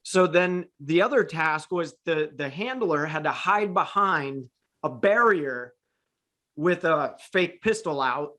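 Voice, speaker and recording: A man's voice: fairly high pitch, expressive, takes it slowly, pushed and bright. Rambling man telling dog stories. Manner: rambling with many restarts and fillers. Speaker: podcast host and dog trainer. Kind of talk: casual storytelling chat.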